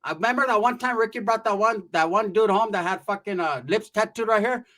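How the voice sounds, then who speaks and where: A man telling a comic story in an animated, profane, slangy way. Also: high-pitched, a little fast. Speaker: comedian storyteller.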